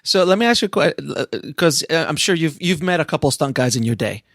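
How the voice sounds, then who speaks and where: A man hosting a casual interview, chatty and quick to laugh, with jokey asides. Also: a little high, animated, no room sound, clean studio sound. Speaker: podcast host.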